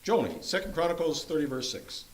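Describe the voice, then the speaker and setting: A man's voice: on the high side, very animated, brisk. A man leading a church Bible study group, teaching casually with jokes and playful sound effects.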